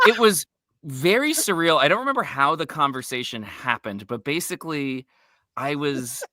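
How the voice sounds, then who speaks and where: A man's voice: on the high side, animated, normal speed, sharp tone, dry recording. A man from New Jersey, co-hosting a casual chat and telling rambling, anecdotal stories. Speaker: co-host.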